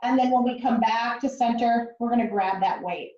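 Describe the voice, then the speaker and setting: A woman's voice: a little high, normal speed, a little mellow. A woman teaching a pilates mat class, counting out reps in rhythmic cues and adding chatty asides. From Netherlands. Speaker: pilates instructor. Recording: roomy, distant, dull sound.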